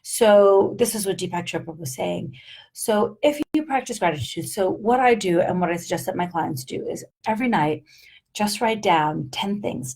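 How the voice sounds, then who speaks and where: A woman's voice: mid-range voice, gravelly, dark tone, husky. Upbeat woman life coach, emphatic. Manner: upbeat and emphatic, checking in with "right?" and "okay?". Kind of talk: live-streamed motivational talk.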